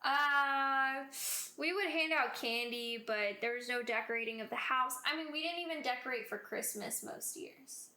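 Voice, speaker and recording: A woman co-hosts a podcast, telling stories in casual chat and animatedly acting out what people said. Her high-pitched voice moves at normal speed with few pauses, and the sound is roomy.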